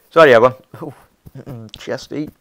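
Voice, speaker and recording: A young man running a fan channel chats loosely on a live stream, reading viewer comments, laughing a lot, and restarting constantly. His pitch is mid-range, and he calls his viewers fella and mate.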